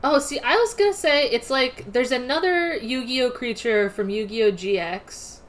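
A woman's voice: fairly high pitch, moderate pace. A woman co-hosting a casual chat about a show's episode, chatty and full of "like" fillers. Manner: chatty, fills in details with "like" fillers. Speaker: podcast co-host.

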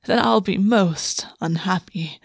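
A woman voicing a formal, proud male fae king who speaks slowly in a breathy hush. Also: lowish voice, no room sound, clean studio sound, exaggerated voice. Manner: formal, slow, breathy and hushed.

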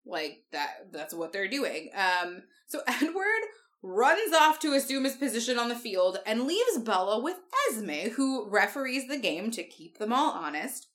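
A woman's voice: on the high side, sing-song, a little slow, a bit bright. A young woman co-hosting a podcast, retelling a book plot in sarcastic, swear-heavy casual chat. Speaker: podcast co-host.

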